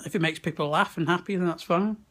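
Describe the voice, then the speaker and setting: This vlogger is a young West Midlands man filming himself on a handheld camera held at arm's length at a wrestling match. His high-pitched voice is fast and a bit bright, and he laughs and swears a lot in casual chat.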